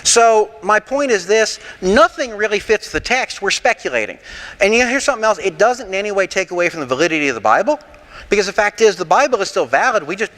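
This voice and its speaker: A man leading an interactive sermon class, animated and rhetorical with a sarcastic streak, taking questions from the room in a church. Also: high-pitched, big-room sound. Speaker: pastor teaching a Bible class.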